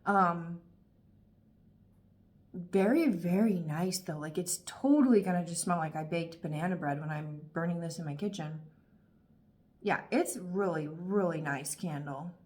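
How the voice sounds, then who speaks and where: A woman in her thirties talking casually and warmly about candles, gushing and chatty with lots of fillers. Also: lowish voice, a little slow, long pauses. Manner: gushing, emotional, talkative with frequent fillers. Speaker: candle reviewer. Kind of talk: casual review vlog.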